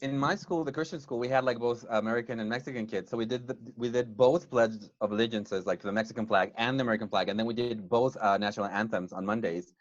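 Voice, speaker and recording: A man guesting on a comedy podcast, chatty and quick with plenty of fillers. His medium-pitched voice comes through slightly dull and dry, with no room sound. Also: no room sound. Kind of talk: casual comedic chat.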